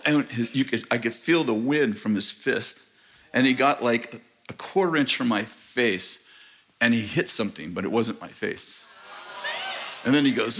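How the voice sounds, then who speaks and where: A man's voice: mid-range voice, normal speed, sharp tone, a little hiss or hum. An American man preaching a sermon as pastor, telling a story with laughter and acting out the voices of the people in it. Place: large church auditorium.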